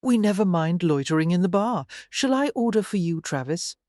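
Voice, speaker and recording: A woman voicing a brisk, breezy British businessman in an audiobook. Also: on the low side, animated, darkish tone, no echo, studio quality, natural voice.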